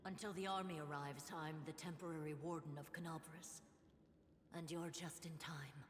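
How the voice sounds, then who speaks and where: A woman's voice: deep voice, fairly even intonation, normal speed, slight background noise, natural voice. A woman voicing a stern female warden who leads a city's defense, speaking in an earnest, commanding way. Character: stern female half-orc warden, battle leader. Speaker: temporary warden leading the defense. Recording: echoey game audio with long reverb.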